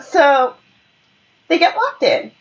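A woman with a slightly high, very lively voice gushes and swears while she recaps a show. The sound is a bit dull and lo-fi, from a couch at home. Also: takes it slowly, recorded from a distance. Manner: expressive, swearing, playful. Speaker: podcast co-host. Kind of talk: casual chat recapping a show.

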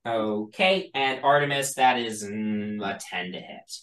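Slow-talking, easygoing game master, recorded in an echoey room. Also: mid-range voice. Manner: relaxed, chatty, laughs often. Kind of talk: running a tabletop game.

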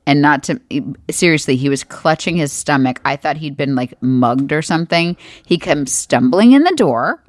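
A woman co-hosting a family podcast, chatting casually and telling stories with animated energy. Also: sits low, moderate pace, hardly any pauses, no room sound, clean studio sound. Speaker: podcast co-host. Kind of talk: casual chat.

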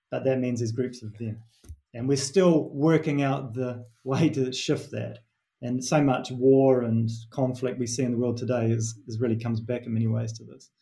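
A middle-aged man from New Zealand speaks with a mellow, warm tone and a clear Kiwi accent. He tells stories earnestly and reflectively, often restarting his phrases as he works through an idea in an interview. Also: medium pitch. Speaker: performance coach, author.

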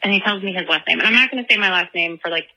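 A young woman from the Chicago area leaves a rambling voicemail, giggling often as she tells a story. She talks very fast in a medium-pitched, pushed, bright voice, and the recording is rough.

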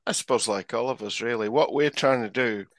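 A man's voice: medium pitch, fairly quick, dry recording. A man co-hosting a comedy podcast, chatting casually, joking and laughing often. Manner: jokey, laughs often, does puppet voices. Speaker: podcast co-host.

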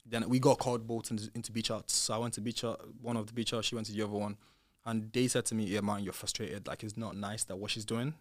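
Clean studio sound with no echo carries this fast-talking young British man's fairly low voice. He's a former reality show contestant guesting on a podcast, casually retelling drama with animation, voicing the quotes himself and raising his volume as things heat up.

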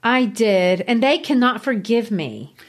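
A woman reading the part of a spirited young gentlewoman from a novel, in a poised, earnest manner. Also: fairly high pitch, very animated, measured pace. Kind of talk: reading a novel's dialogue aloud.

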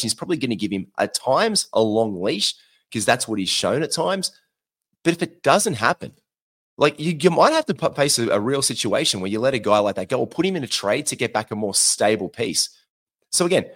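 A man's voice: lowish voice, a bit bright. A young Australian man hosting a fantasy basketball podcast, giving chatty, slangy, coaching advice in a casual talk.

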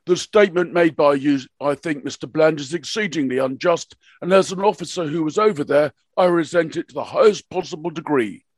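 A man's voice: fairly high pitch, fairly quick, few pauses, husky, no echo. A man reading out an offended army officer's formal testimony from a hearing. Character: offended male army officer under questioning. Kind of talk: reading a hearing transcript aloud.

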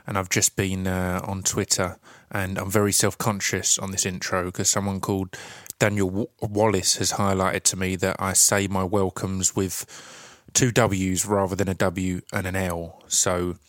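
A man with an Essex accent talks casually through his podcast intro. His voice sits a little low and comes across dry and close. He rambles along, with plenty of ums and restarts. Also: flat delivery, a little slow, dry recording. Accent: Essex English. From Essex, England. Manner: chatty and rambling, with many fillers and restarts. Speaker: podcast host.

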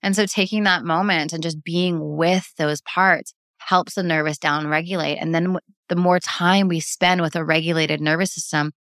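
A woman guest speaking calmly and earnestly in casual interview talk, with many "like" fillers. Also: lowish voice, moderate pace, hardly any pauses, dry recording, studio quality. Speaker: breathwork practitioner, guest.

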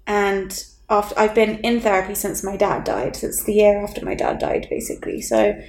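A woman's voice: medium pitch, expressive, normal speed, a little mellow, slight background noise. Chatty swearing woman podcaster, echoey room. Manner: chatty storyteller, acts out quotes, swears, laughs often. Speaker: podcast co-host. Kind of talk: casual chat.

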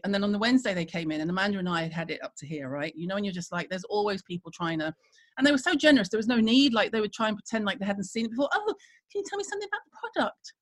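A middle-aged British woman telling a backstage story in casual chat, acting out what people said with lively, gossipy delivery. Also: mid-range voice. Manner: animated gossipy storytelling with acted-out quotes. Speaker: guest storyteller.

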